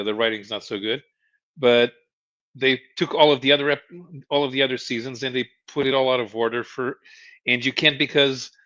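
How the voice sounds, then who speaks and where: A man explaining a show in casual chat as podcast co-host, halting and restarting, chuckling as he goes. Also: mid-range voice, a bit bright. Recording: dull lo-fi stream audio.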